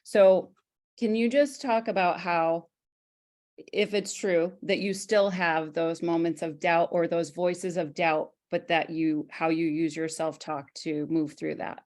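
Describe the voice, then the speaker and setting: A woman's voice: fairly low pitch, steady tone, measured pace, darkish tone. A woman hosting an interview who asks thoughtful questions and restarts them as she goes. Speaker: interview host.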